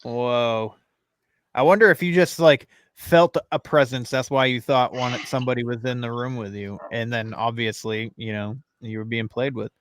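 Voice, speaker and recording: A man's voice: mid-range voice, steady tone, normal speed, clear, resonant tone, dry recording. A man hosting a podcast, asking his guests curious questions in a casual way. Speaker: podcast host.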